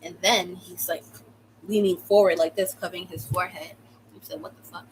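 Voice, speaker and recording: A young woman from the United States telling a personal story in a casual, slangy way, with sudden loud outbursts. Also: fairly low pitch, moderate pace, slight background noise, rough recording. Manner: animated, slangy, swings into loud exclamations. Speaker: vlogger.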